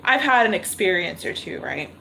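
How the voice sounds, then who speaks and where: A woman's voice: mid-range voice, lively intonation, moderate pace, vocal fry, very noisy. A woman reading tarot cards on a livestream, thinking aloud and repeating her questions to spirit. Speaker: tarot reader. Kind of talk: live-streamed tarot reading.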